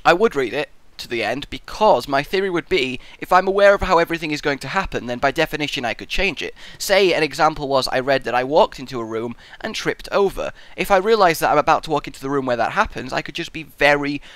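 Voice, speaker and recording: A man's voice: a little high, expressive, fast, hardly any pauses, a bit bright, no echo. A man hosting a casual question-and-answer vlog in a rambling, jokey way, recorded on a close desk mic. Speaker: YouTube host.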